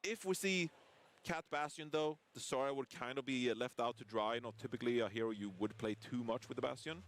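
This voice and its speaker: Man caster explaining esports strategy. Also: medium pitch. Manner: explanatory, measured, breaks down strategy. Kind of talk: esports analysis commentary.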